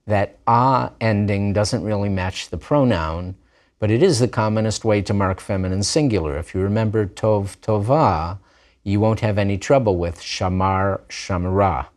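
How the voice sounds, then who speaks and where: A man's voice: lowish voice, normal speed, darkish tone. A man teaching a recorded grammar lesson, drilling forms patiently with repeated examples. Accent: Israeli Hebrew pronunciation of Hebrew words. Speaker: language teacher.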